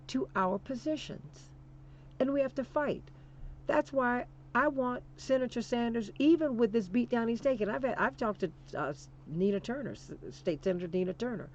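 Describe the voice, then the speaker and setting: A woman's voice: on the high side, muffled recording, a little hiss or hum. A woman hosting a political talk show, speaking with emphatic, preacher-like repetition and calling listeners "honey". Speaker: radio talk show host.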